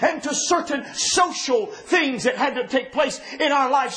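A man preaching a sermon in an impassioned way, often shouting and then dropping low and quiet. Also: animated, unhurried, few pauses.

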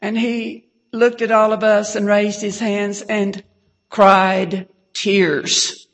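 A woman preaching an emotional testimony, fervent and repeating hallelujah, sometimes dropping to a hush. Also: mid-range voice, level tone, slow pace. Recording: long hall reverb.

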